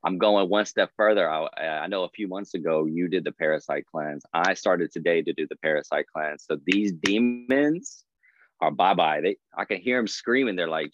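Deep-voiced man, lively podcast chat. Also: moderate pace, muffled recording, slight background noise. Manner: animated, laughing, acts out quoted voices. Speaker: podcast guest.

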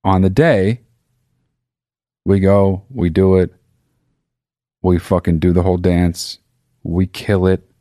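Guy with a lowish voice rambling through a funny story, swears a lot, sarcastic, dry close sound. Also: fairly even intonation, slow pace, long pauses, mellow, dry recording. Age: adult. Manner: profane, sarcastic, rambling with self-interruptions. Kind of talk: comedic storytelling monologue.

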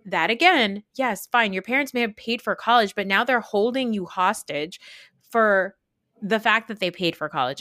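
A woman's voice: medium pitch, pushed and bright, no echo, studio quality. A woman co-hosting a podcast in casual chat, talking bluntly and heatedly and swearing freely. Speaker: podcast co-host.

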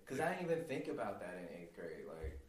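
A man's voice: deep voice, big pitch swings, fairly quick, roomy sound, far from the mic. A man who is a guest musician, chatting casually and laughing often. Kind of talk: casual chat.

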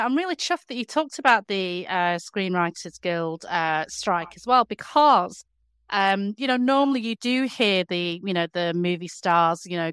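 A woman's voice: mid-range voice, a bit bright, smooth, dry recording, clean studio sound. A woman co-hosting a podcast, talking casually with many fillers and easy laughter. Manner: hesitant, lots of fillers, laughs easily. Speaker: podcast co-host. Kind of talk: casual chat.

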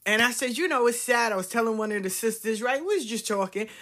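A woman's voice: a little high, fast, fairly bright tone. A woman hosting a talk show, telling stories in a loose, swearing, chatty monologue. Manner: chatty, swearing, drawling Southern-style address to listeners. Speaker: podcast host. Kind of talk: casual storytelling monologue.

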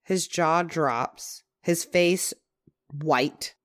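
A young adult woman hosting a podcast tells a true-crime story casually and chattily, her voice sitting low but with a fairly bright tone. She fills her speech with lots of "like" and slips into dramatic pauses.

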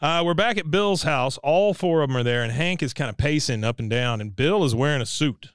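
A man's voice: animated, a little fast, clear, resonant tone, no echo, clean studio sound. A man co-hosting a podcast, casually recapping a cartoon episode and acting out the characters' lines. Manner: retells scenes, acts out characters' lines in high voices. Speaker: podcast co-host.

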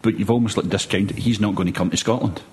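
A man talking football in a measured, rambling way, full of hesitations. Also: on the low side, fairly even intonation, darkish tone, a little hiss or hum. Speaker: podcast guest pundit. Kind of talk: casual football chat.

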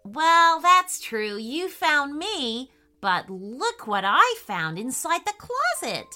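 A woman's voice: sits high, very animated, takes it slowly, bright, forceful tone, faint music behind, pitched above the performer's own voice, full character voice. Woman playing a cheeky curious young boy. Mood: eager. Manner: eager, giggly.

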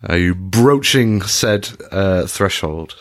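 A man's voice: low voice, lively intonation, takes it slowly, no room sound. Wry male game master, dry sound. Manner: wry, wordy storytelling. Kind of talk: narrating a tabletop game.

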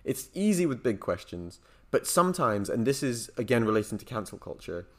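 A man's voice: mid-range voice, sing-song, a little fast. A man co-hosting a casual podcast discussion, thinking aloud with many hedges and fillers. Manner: thoughtful, hedging, frequent "like" and "um". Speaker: podcast co-host.

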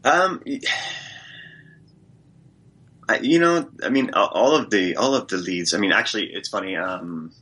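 Low bright-voiced enthusiastic actor. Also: male voice, expressive, a little fast, slightly rough. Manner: enthusiastic, rambling with restarts. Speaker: actor guest. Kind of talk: casual interview.

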